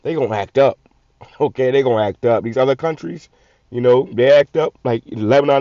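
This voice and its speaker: A man's voice: medium pitch, moderate pace, dark tone, no room sound. A man, giving blunt, profane casual commentary on a video, often repeating and restarting words. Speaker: channel host. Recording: muffled lo-fi audio.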